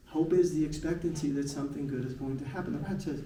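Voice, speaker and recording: A middle-aged man gives a live presentation as a motivational speaker, talking in an animated, emphatic way with lots of rhetorical questions. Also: quick pace. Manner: animated and emphatic, with big swings in pitch and frequent rhetorical questions. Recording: echoey, distant hall sound with faint noise.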